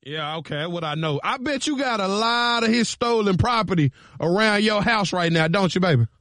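A man on a radio show doing a prank call, posing as a police officer in a slow, mock-serious, teasing way. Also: sits high, expressive, a bit bright, no room sound, studio quality. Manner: mock-serious, drawn-out, teasing with a slight drawl.

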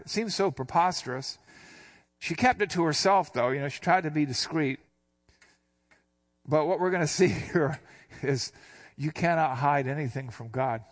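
Older man teaching a Bible passage. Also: on the high side. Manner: explains verse by verse in a relaxed, plain-spoken way; slows down when reading scripture. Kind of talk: conversational sermon.

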